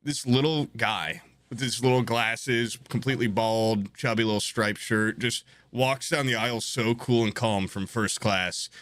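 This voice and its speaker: A man's voice: mid-range voice, unhurried, hardly any pauses, no echo. A young man telling a comedic story on a podcast, swearing casually and acting out the voices of the people in it. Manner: animated, swears often, acts out quoted voices.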